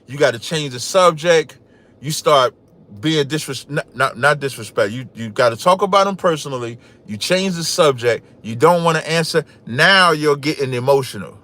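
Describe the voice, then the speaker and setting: A man hosting a livestreamed podcast, talking loudly and boastfully, trash-talking and reading scripture aloud. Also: a little high, normal speed. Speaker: podcast host.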